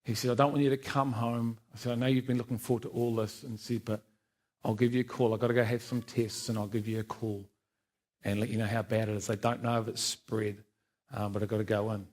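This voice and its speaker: A man's voice: lowish voice, flat delivery, quick pace, a little mellow. A middle-aged man gives his personal testimony in church, telling it as a self-deprecating story and acting out the lines of the people in it. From New Zealand. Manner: self-deprecating storyteller, laughs often, acts out quoted dialogue. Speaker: church speaker giving testimony. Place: church service.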